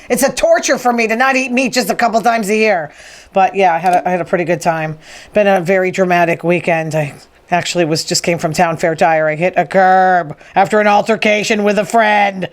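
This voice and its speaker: A woman, hosting a rambling, opinionated casual monologue. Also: mid-range voice. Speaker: podcast host.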